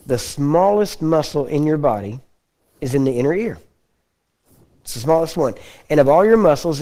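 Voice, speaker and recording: A man with a Texan accent preaching a folksy, conversational sermon and often clearing his throat. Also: a little high, warm tone. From Texas.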